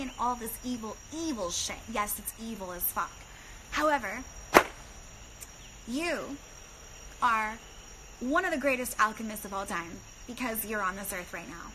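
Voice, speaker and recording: A woman's voice: on the high side, moderate pace, background noise. A woman hosting a casual spiritual livestream on her phone, breezy and chatty, swearing freely and saying "like" a lot. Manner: breezy, chatty and profane, with lots of "like". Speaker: livestream host. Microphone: phone camera on a live stream.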